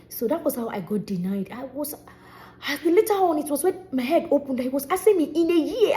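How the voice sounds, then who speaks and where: Animated Nigerian woman with a mellow voice. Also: sits high. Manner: animated, expressive retelling with Nigerian Pidgin touches. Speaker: vlogger and singer. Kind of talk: casual storytelling vlog.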